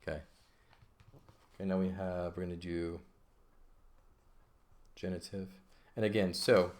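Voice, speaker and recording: A man's voice: deep voice, little pitch movement, unhurried, darkish tone. A man teaching an ancient Greek lesson in a patient, casual way, often checking in with "okay?". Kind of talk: casual lesson explaining grammar.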